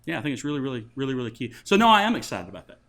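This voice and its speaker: A man's voice: mid-range voice, sing-song, rapid-fire, fairly bright tone. A man co-hosting a podcast in casual chat, laughing often and joking at his own expense. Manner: laughs often, self-deprecating. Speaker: podcast co-host.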